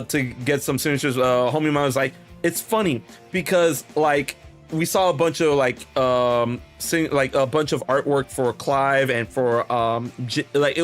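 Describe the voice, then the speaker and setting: A young man with a fairly high voice tells a long story on a casual podcast. He rambles with many restarts and plays out every line of quoted dialogue. Faint music sits under his voice. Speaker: podcast host.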